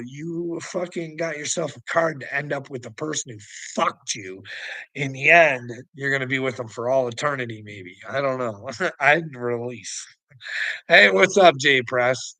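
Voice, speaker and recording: A man at medium pitch with a sharp tone rants to the camera, profane and taunting, often breaking into laughter. He is an online commentator, and the audio is poor, with no room sound.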